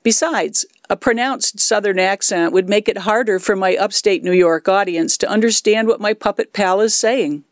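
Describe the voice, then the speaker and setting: A woman in her sixties speaks in a low-set alto, clear and measured as she explains things step by step. Her voice is recorded close and dry, with no room sound around it. The pitch sits in a middling range for a woman. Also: no room sound. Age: 60s. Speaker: lay worship leader doing puppet ministry. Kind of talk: instructional talk.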